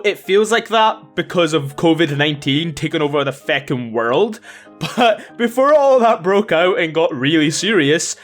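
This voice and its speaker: A man's voice: on the high side, expressive, normal speed, soft background music. A man hosting a casual reaction vlog, chatty, laughing often and swearing mildly. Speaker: YouTube host.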